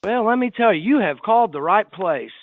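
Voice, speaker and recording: Male trainee, high animated voice, hesitant, tinny phone line. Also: a little fast, no room sound. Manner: hesitant, with "uh" fillers. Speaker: sales trainee. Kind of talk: role-play phone practice.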